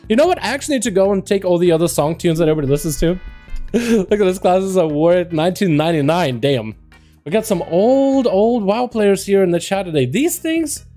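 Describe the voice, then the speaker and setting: A man's voice: high-pitched, dark tone. A young man hosting a gaming livestream, chatting and joking with his viewers in a rambling casual way. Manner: chatty, rambling, jokey, talks to chat. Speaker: livestream host. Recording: faint music behind. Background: faint background music.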